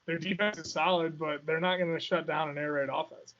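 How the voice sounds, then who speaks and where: A man co-hosts a casual sports podcast, his voice a bit high. He pitches his football bets with confident, self-mocking bravado. The sound is slightly dull and lo-fi. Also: steady tone, brisk, a bit bright. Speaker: podcast co-host. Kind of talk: casual sports betting chat.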